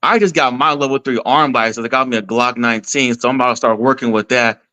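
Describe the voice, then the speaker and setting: A man hosts a casual podcast chat in a very bright, forward voice. He keeps his questions short and relaxed. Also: medium pitch, quick pace.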